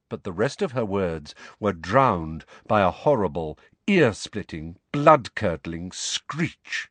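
A man narrating an audiobook with a dramatic, expressive reading. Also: deep voice, slow pace, hardly any pauses, dry recording.

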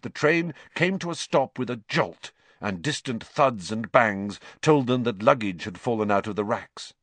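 A man narrating a storybook in an expressive, dramatic way. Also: mid-range voice, unhurried, no room sound. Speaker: audiobook reader.

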